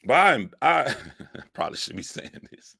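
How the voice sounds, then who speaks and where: A man telling a profane comic story, animated and laughing, jumping up in pitch for emphasis. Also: measured pace, vocal fry, breathy edge, no echo, clean studio sound. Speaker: comedic storyteller.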